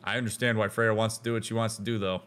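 A man giving casual, animated let's-play commentary as a therapist, talking in slang with restarts and leaping into excited outbursts. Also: on the low side, fast talker. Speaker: therapist commenting on a video game.

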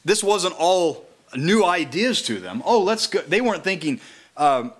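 A man preaching a sermon at a house church, slowly reading scripture aloud and then explaining it in a conversational way. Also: high-pitched, sing-song.

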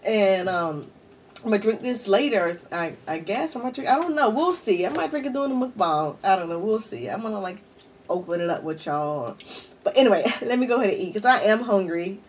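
A woman's voice: mid-range voice, expressive, fairly quick, a little hiss or hum, low-quality recording. Chatty woman vlogger talking while eating. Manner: chatty, addresses viewers often as "y'all". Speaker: mukbang vlogger. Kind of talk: casual storytelling while eating. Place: at home.

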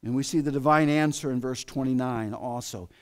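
A man preaching a sermon in a church, with an American accent, swinging between loud exclamations and hushed asides. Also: medium pitch, brisk. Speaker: pastor. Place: church sanctuary.

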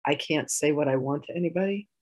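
Animated woman reliving a childhood argument. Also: low-pitched, fast, rough recording. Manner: animated, re-enacts arguments, laughs. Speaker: healing session participant. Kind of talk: personal storytelling in a session.

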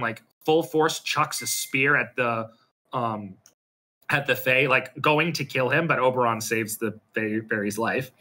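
Bright-voiced man retelling a story, halting. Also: mid-range voice. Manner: hesitant, full of ums and restarts. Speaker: storyteller recapping a role-play episode. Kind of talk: casual retelling over voice chat. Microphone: computer mic on a voice call.

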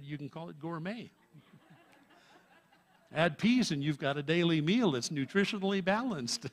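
A male pastor preaching a sermon in a church, emphatic and punchy, with wry humor and chuckles. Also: fairly high pitch. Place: church sanctuary.

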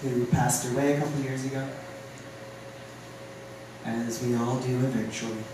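A poet from Ohio reading poems aloud at a live open mic, with halting, filler-laden chat between poems. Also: medium pitch, steady tone, noisy background. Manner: reads poems, chats with fillers between them. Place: live venue room. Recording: very echoey room from a distance.

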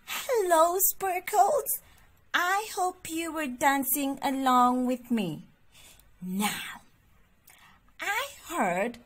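Woman with a very lively voice. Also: high-pitched, slight background noise. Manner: animated, exclamatory, speaking to small children. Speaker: preschool teacher. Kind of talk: children's sing-along lesson.

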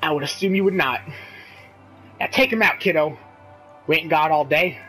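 A man voicing a folksy, gruff backwoods fighter with a put-on who calls his partner kiddo. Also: fairly high pitch, normal speed, sharp tone, soft background music. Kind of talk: comedic gameplay role-play.

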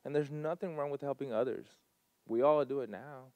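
Speaking fairly quickly in a medium-pitched voice with no echo, a man shares heartfelt personal stories before a live crowd at a community gathering. He is earnest and emphatic, his volume rising and falling sharply.

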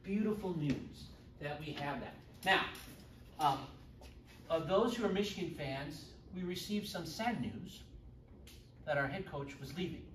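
High-voiced man teaching confirmation class. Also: unhurried, long pauses, a little hiss or hum. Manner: chatty, jokes with the class. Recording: echoey room, far from the mic.

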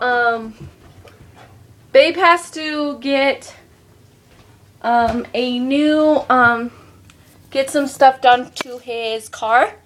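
A woman's voice: high voice, fairly bright tone. A young woman chatting casually in a home vlog, rambling with lots of ums and a loose, sweary way of talking. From Colorado, USA. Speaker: vlogger.

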